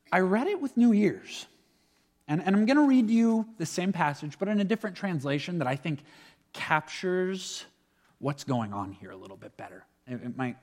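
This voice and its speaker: A young man, a student, giving an earnest, reflective personal testimony and often stumbling over his words. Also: high voice. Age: young adult. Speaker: student speaker sharing faith. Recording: long reverb of a hall.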